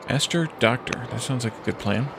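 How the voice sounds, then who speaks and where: A man's voice: mid-range voice, very noisy. A man streaming a strategy game, casually thinking aloud, hesitating and reading event text from the screen. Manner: hesitant, with pauses and restarts. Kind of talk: casual let's-play commentary.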